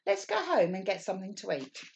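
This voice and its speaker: A woman's voice: medium pitch, huge pitch swings, a little fast, gravelly. A woman voicing a kind, cheerful mother of young twins in a children's storybook, patient and encouraging.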